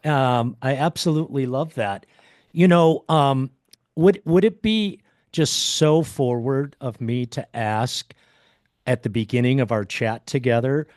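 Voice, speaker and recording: A man hosting an interview, eager and a bit halting, often repeating words. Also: mid-range voice, darkish tone, no room sound, studio quality. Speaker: podcast host. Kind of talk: casual interview chat.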